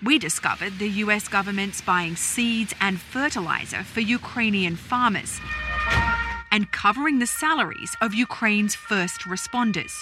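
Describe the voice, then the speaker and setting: A female news correspondent delivering a scripted report in a measured, formal way. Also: mid-range voice, over music.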